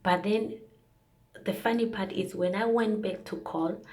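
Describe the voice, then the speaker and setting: A woman's voice: medium pitch, fairly even intonation, measured pace, a little mellow. A young woman vlogger sharing a casual, earnest faith testimony, rambling with fillers and restarts.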